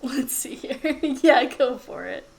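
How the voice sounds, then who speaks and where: A woman's voice: high voice, lively intonation, gravelly, low-quality recording. A woman running a tabletop game as game master, narrating with frequent laughs and fillers. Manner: laughs often, fills pauses with um.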